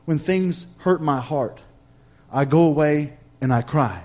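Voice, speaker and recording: A male pastor preaching a sermon, repeating phrases in a rhythmic cadence, asking "Amen?" of the congregation, swinging between loud emphatic lines and soft hushed ones. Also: on the high side, unhurried. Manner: preacherly, repetitive cadence with call-and-response "Amen?".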